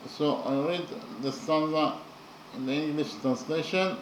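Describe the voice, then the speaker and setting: A man teaching a lesson on a poem, speaking haltingly with frequent pauses and spelling out letters one at a time. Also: a little high. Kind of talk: slow spoken lesson. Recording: echoey room with faint background noise.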